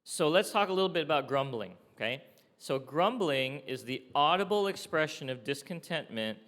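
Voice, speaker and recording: A man's voice: a little high, animated, moderate pace, fairly bright tone. A man preaching a sermon in a conversational way, often checking in with his listeners with "okay?" and "right?". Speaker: pastor. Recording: long hall reverb.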